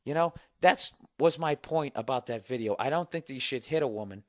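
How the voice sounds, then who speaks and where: A middle-aged man hosts his own podcast and tells a story alone at the mic. He is sarcastic and swears constantly, and his voice sits at an ordinary middle pitch. He throws himself into the telling and keeps it animated. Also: brisk. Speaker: podcast host. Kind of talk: solo comedic podcast rant and storytelling.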